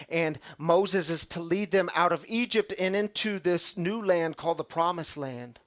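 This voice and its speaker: A man preaching to a live audience, conversational, dropping from loud bursts to near whispers. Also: a little high, fairly even intonation, normal speed. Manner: dramatic shifts from loud to hushed; conversational, calls the audience y'all. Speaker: pastor. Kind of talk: sermon.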